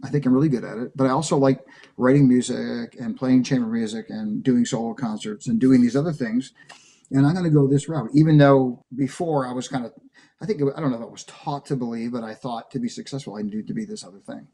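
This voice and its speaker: A man's voice: medium pitch, steady tone, brisk, mellow. A man being interviewed, telling long personal stories in a rambling, conversational way, full of fillers and acted-out quotes. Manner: acts out quoted dialogue. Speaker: interview guest, percussion professor. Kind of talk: conversational storytelling.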